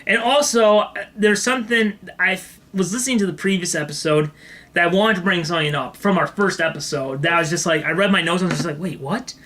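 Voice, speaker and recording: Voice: medium pitch, fast, a bit bright. A podcast co-host chatting casually and telling a story, laughing often along the way. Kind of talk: casual comedy podcast chat.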